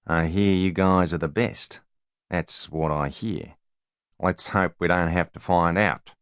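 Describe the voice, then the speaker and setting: A man voicing a huge, cocky bodyguard with a slow New Zealand drawl. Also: deep voice, steady tone, clean tone, no echo, clean studio sound. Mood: menacing.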